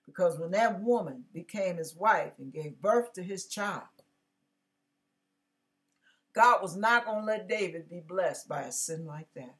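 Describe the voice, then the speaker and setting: Woman preaching real casual, bright voice, slangy asides, acts out the characters. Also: fairly low pitch, lively intonation, a little slow. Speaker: pastor. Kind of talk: casual conversational sermon.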